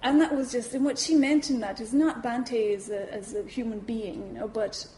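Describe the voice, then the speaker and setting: Woman at a buddhist centre telling her story, animated, keeps saying "you know", voice a bit high. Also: normal speed, a little hiss or hum, low-quality recording. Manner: lively, acts out her own reactions, many "you know"s. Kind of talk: personal storytelling talk.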